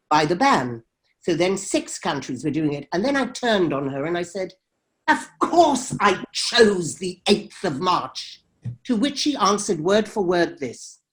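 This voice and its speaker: Emphatic woman filmmaker telling a story. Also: mid-range voice. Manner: emphatic and dramatic, acting out quoted exchanges. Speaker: documentary filmmaker. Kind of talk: storytelling in an interview.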